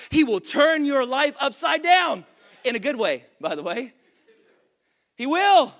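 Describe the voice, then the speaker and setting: A pastor from the Dallas area preaching an impassioned sermon into a microphone, building to shouts. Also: male voice, sits high. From Dallas area, Texas.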